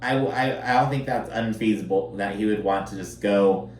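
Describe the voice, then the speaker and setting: A fairly low, slightly mellow male voice at normal speed recaps a reality show in a casual, sarcastic, chatty way, swearing and using lots of fillers. There's a roomy echo, a somewhat distant mic, and faint noise in the background.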